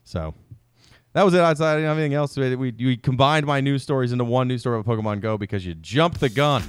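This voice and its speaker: A man's voice: mid-range voice, fast, a little hiss or hum. A man co-hosting a casual podcast, rambling and self-mocking, often restarting his sentences. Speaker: podcast co-host. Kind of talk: casual chat.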